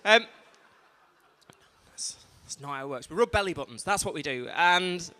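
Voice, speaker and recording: Male compere, high bright voice, rambling stand-up patter, big reverberant venue. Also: animated, normal speed. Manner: rambling, chatty, restarts and asides to the crowd. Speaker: event host and compere. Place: large museum event hall. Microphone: stage microphone. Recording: reverberant hall on live stream.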